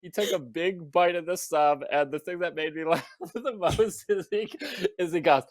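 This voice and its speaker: A man's voice: a little high, moderate pace, no echo, clean studio sound. A man co-hosting a comedy podcast, telling a rambling anecdote in casual chat. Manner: rambling anecdotes with laughing restarts. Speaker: podcast co-host.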